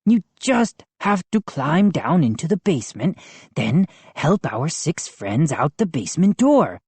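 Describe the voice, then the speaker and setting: A woman's voice: sits low, very animated, measured pace, a little mellow, breathy edge, no echo, heavily acted. A woman voicing an eager little male lawn gnome who squeals and implores. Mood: imploring.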